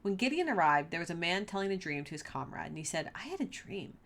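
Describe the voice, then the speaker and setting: A woman hosting a casual Bible podcast, reading passages aloud and then retelling them with playful, animated asides. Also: lowish voice, fast talker.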